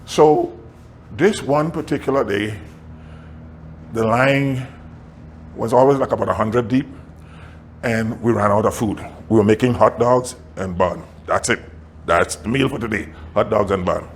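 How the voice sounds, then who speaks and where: A male pastor telling a story in a sermon, animated, often laughing and acting out what people said. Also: fairly low pitch, a little hiss or hum.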